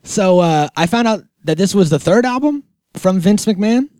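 A man hosting a casual comedic chat, talking in a rambling, deadpan, joking way with lots of fillers. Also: high voice, normal speed, no echo, clean studio sound. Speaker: podcast host.

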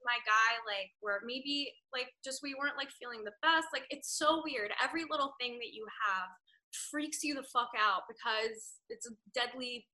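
A woman's voice: a little high, normal speed, bright, forceful tone, poor audio. A woman co-hosting a comedy podcast, chatting casually in a rambling, filler-heavy way. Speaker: podcast co-host.

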